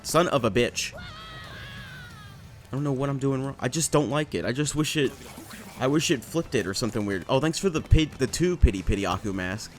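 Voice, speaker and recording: A man giving casual let's play commentary, excitable and self-mocking, swearing and laughing often into a desk microphone. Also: mid-range voice, fairly quick, faint music behind. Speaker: gameplay commentator.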